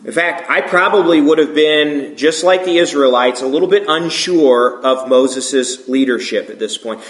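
A man's voice: a little high, normal speed, few pauses. Man preaching casually in an echoey room. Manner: relaxed, informal, asks the listeners questions. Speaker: pastor. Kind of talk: conversational sermon.

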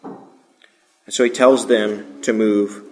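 A man's voice: lowish voice, fairly even intonation, very slow, roomy sound, a little hiss or hum. A male pastor giving an informal, conversational sermon that puts questions to his listeners.

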